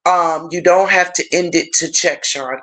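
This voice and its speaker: A woman hosts a casual livestream chat, speaking at an unhurried pace. She is chatty and openly emotional, addressing her viewers as friends. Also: on the low side, a bit bright. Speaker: livestream host.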